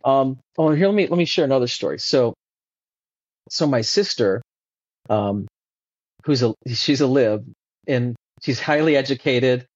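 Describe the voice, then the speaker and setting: A man talking as a podcast guest in a casual, animated way, with many fillers and restarts. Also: medium pitch, measured pace, pauses often, no echo. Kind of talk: casual conversational interview. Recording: dull lo-fi dry sound.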